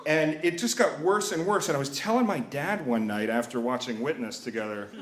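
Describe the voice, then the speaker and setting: A man's voice: medium pitch, a little fast, reverberant, slight background noise. A man in his thirties telling a personal story live, wry and self-mocking, acting out the voices of the people in it. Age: 30s.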